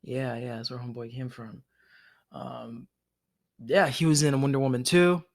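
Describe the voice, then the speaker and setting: Excitable male podcast co-host, loose and profane, mid pitch, jumps into voicing scenes. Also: moderate pace, vocal fry. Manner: excitable, acts out scenes in a raised voice, swears, laughs. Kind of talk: casual chat.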